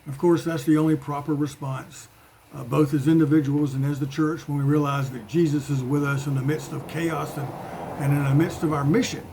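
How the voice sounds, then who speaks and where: A man's voice: a little high, level tone, a little fast, vocal fry, mellow, a little hiss or hum. A man giving an informal sermon in a conversational way, with playful voiced asides. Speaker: preacher.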